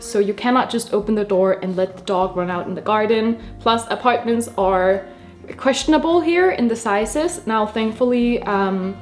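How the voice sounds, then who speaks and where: A young woman from Denmark talks casually to camera while she does her makeup. She rambles from one thought to the next and laughs often, her voice sitting in an ordinary middle range. Soft music plays quietly underneath. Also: medium pitch. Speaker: beauty vlogger. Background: soft background music.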